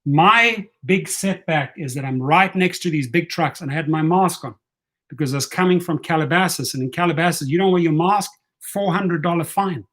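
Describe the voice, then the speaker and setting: A man's voice: fairly high pitch, moderate pace, fairly bright tone. A man telling a story in a casual vlog, blunt, profane and fired up. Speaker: rideshare vlogger.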